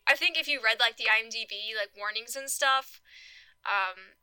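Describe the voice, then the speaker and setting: Bright, giggly young woman chatting films. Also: fairly high pitch, normal speed, clean tone, no room sound, rough recording. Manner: giggly, animated, peppered with "like" and "um". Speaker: podcast co-host. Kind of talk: casual film discussion chat.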